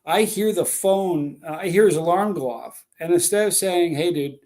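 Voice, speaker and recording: A man's voice: high-pitched, moderate pace, darkish tone. A man hosting a live stream, rambling through stories and chatting with viewers. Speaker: livestream host. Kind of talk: casual live stream chat.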